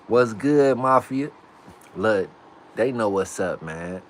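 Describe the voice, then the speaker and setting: Man, livestream host, slow drawl, lowish voice, slang-heavy, faint noise behind. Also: animated. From United States. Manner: slow, laid-back street slang, practicing words aloud. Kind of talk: casual livestream chat.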